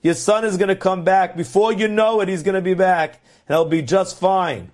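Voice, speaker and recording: A man's voice: sits high, moderate pace, a little mellow, close to an everyday voice. A man voicing the big spirit of a sage in a dream, firm and reassuring.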